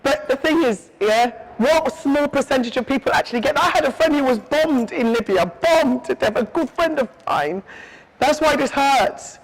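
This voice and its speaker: Emphatic high-voiced woman from England. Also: normal speed, a little hiss or hum, low-quality recording. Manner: emphatic, repeats "yeah?" to check the listener. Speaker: interview guest. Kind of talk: emotional interview answers.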